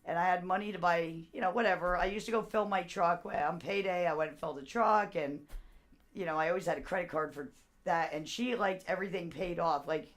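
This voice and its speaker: A woman's voice: on the low side, brisk. A woman chatting loosely with viewers on her live stream as a seller. She rambles from one thing to the next and laughs often as she talks.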